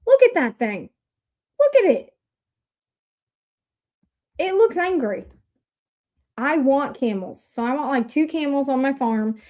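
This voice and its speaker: A woman from Indiana hosting a casual livestream, bubbly and excitable, chatting straight to her viewers. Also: sits high, moderate pace. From Indiana, USA. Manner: bubbly, excitable, talks to chat. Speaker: livestream host.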